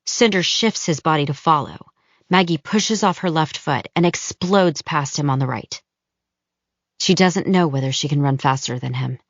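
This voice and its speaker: A woman narrates an audiobook in a measured, even storytelling manner. Her voice is low. She is close on the mic in a dry space, and the audio is a bit dull. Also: no echo. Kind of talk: scripted narration.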